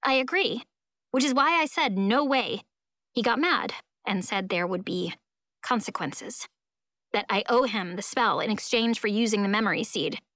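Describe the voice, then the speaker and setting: A woman reading a first-person audiobook aloud, telling the story in an expressive, emphatic way. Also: mid-range voice, normal speed, no room sound, clean studio sound. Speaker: audiobook narrator.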